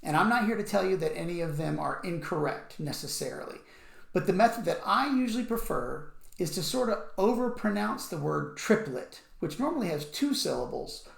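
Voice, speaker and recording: A man teaching music rhythm, explaining patiently and counting beats out loud. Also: high voice, vocal fry. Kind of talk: instructional explanation with counting aloud. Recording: echoey room.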